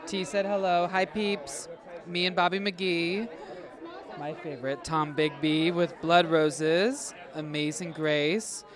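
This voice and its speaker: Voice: mid-range voice, steady tone, slow pace, a crowd in the background. Giddy fan reading a set list. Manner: giddy, reads a list, laughing. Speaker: guest recapping the set list. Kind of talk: casual chat.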